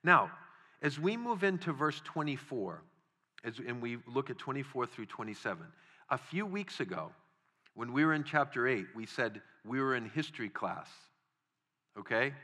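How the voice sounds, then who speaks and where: A man's voice: mid-range voice, very animated, normal speed, pushed and bright. A middle-aged man preaching a sermon in a conversational way, acting out small quoted exchanges as he teaches. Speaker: pastor.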